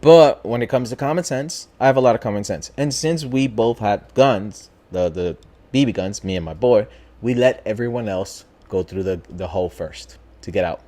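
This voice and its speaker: A man casually telling a spooky personal story as a podcast host, talking in a lively, profane way. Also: lowish voice, moderate pace. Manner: animated, profane, acts out voices in his story.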